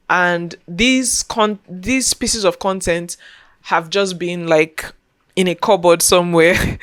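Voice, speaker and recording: Woman, young adult, low-pitched, earnest, heartfelt, casual vlog talk. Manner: earnest, heartfelt, repeats phrases. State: getting emotional, near tears. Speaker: content creator and podcast host.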